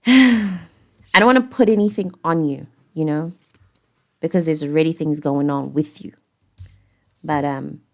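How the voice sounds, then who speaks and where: A woman with a South African accent giving a casual, rambling tarot reading, speaking candidly and swearing now and then. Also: on the low side. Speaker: tarot reader.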